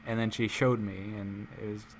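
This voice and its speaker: A man's voice: lowish voice, little pitch movement, normal speed, slight background noise. A man hosting a live stream in casual chat, rambling and making self-mocking jokes. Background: music playing.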